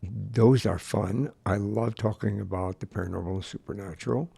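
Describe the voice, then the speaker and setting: Male host, husky voice, relaxed and a bit hesitant, dry close sound. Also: lowish voice, moderate pace, dry recording. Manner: relaxed, hesitant, repeats words. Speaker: podcast host. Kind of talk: casual interview chat.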